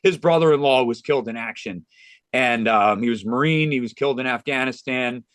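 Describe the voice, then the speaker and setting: A man's voice: mid-range voice, a little fast, a bit bright, no echo. A man, a golf instructor, speaking as a podcast guest and telling a heartfelt story in an earnest, conversational way, often restarting sentences. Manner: earnest, with frequent restarts and "you know".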